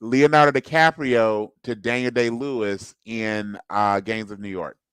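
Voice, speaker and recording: A man's voice: fairly low pitch, steady tone, measured pace, a bit bright, clean tone, dry recording, low-quality recording. A man co-hosting a casual podcast, who thinks aloud with restarts and upbeat asides. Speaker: co-host.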